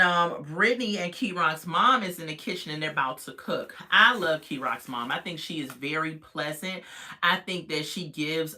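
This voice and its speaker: Reviewer, casual recap, bright forceful voice, opinionated and animated with viewers. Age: adult parent. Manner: chatty, opinionated, talks straight to viewers; animated, jumps in pitch when reacting. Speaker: reality TV reviewer.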